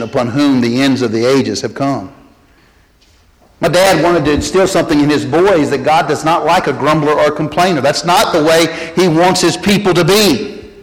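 A fairly high-voiced man preaching a sermon in a church sanctuary, with a long reverb trailing his words. He talks earnestly, sinking low and quiet to press a point and rising high when he quotes people. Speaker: pastor.

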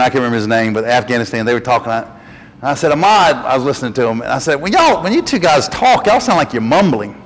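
Southern pastor preaching in a reverberant church. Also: male voice, medium pitch. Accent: Southern US, western North Carolina. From North Carolina mountains. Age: middle-aged. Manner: folksy storytelling, animated when quoting. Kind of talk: sermon with personal story. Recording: long reverb of a church hall.

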